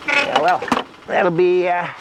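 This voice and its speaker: An actor playing a boastful, joking petrol station owner, full of chuckling bluster. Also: male voice, sits high, lively intonation, takes it slowly, creaky, heavy background noise, full character voice. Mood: cocky, jokey. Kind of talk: sitcom acting.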